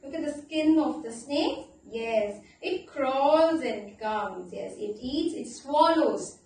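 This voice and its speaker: High-voiced teacher in an echoey room. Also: female voice, recorded from a distance, a little hiss or hum. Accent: Indian English. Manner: animated, playful, asks children questions and spells words out slowly. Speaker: primary school teacher. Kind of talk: online class lesson for young children.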